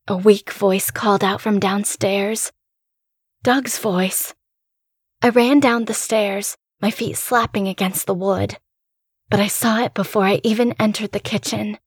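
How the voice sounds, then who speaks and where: Casting: woman narrator for a horror story, slow and tense, dry close-mic studio voice. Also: fairly high pitch, no echo. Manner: tense, dramatic first-person delivery. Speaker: narrator and host.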